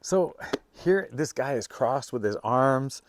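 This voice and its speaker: A man's voice: mid-range voice, animated, slow pace, a little hiss or hum. Chatty, rambling man reading tarot. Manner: rambling, chatty, with many fillers and restarts. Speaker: tarot reader. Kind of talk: casual spoken tarot reading.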